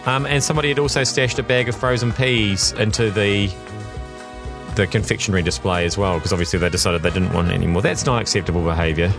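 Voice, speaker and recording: A man's voice: fairly low pitch, fast, music in the background. A man, co-hosting a radio show in a dry, self-deprecating chat. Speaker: radio co-host and news presenter. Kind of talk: casual radio banter. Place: radio studio. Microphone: close studio microphone.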